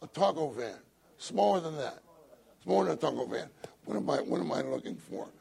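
An older man with a husky, gravelly voice, telling a humorous story in a sermon and laughing often. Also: fairly high pitch, expressive, fairly quick, a little mellow. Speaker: church speaker.

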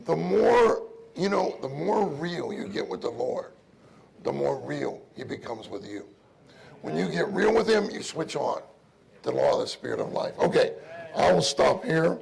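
Gravelly, high-voiced man preaching. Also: big pitch swings, measured pace. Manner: earnest, exclaims loudly when calling on the Lord. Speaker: preacher at a church meeting. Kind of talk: informal sermon.

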